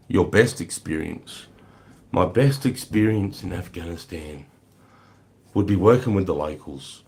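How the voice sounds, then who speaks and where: A relaxed Australian man with a very deep, low voice chats through a livestream. He greets viewers by name, calls them mate and brother, and swears casually. He sounds easygoing and unhurried. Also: creaky, slightly rough. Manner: swears freely, laid-back, greets chatters as mate and brother. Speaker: livestream host. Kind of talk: casual livestream chat reading comments.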